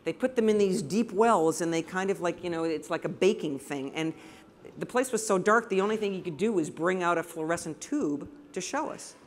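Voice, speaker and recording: A woman's voice: lowish voice, animated, fairly quick, a little hiss or hum. A woman from the United States, a photographer giving an enthusiastic, anecdotal slide presentation to a live audience in a room.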